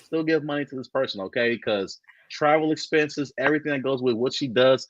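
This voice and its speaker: A comedian from Texas, chatting as a guest in a playful, exaggerated way. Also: male voice, medium pitch, a little fast, dry recording, highs cut off. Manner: playful, exaggerated, repeats words. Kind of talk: casual chat.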